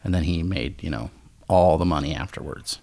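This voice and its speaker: A man in his thirties co-hosting a podcast, telling rambling stories in a relaxed, easygoing way. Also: extremely low pitch, brisk. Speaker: podcast co-host. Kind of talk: casual chat over beer.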